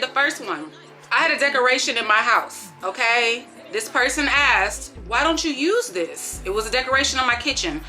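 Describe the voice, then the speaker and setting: Sassy thirties woman, bright-toned voice over faint background music, casual storytime vlog with big swings from hushed to loud. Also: a little high. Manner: animated, sassy, swings between hushed disbelief and loud exclamations. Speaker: vlogger.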